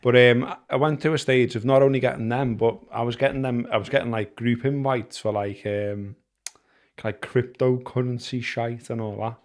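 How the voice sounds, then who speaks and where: A man with a Liverpool accent co-hosting a podcast, telling stories in a rambling, halting way with many fillers. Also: mid-range voice, steady tone. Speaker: podcast co-host. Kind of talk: casual chat.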